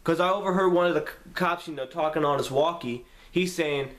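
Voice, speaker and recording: A young man telling a story to the camera in a casual, profane way, acting out his own lines with sudden jumps in pitch. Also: a little fast, few pauses, a bit bright. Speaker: vlogger.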